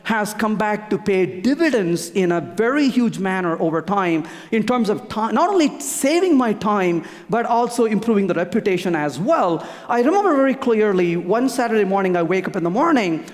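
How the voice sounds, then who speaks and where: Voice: mid-range voice, big pitch swings, normal speed, few pauses. A conference speaker giving a technical talk, hammering home key points by repeating them, with frequent restarts. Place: conference hall. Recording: long reverb of a large hall.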